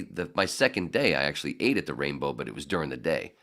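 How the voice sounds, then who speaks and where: A man as a podcast guest, telling animated, profane anecdotes in a casual, laughing way. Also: rumbling low, quick pace. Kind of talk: casual storytelling.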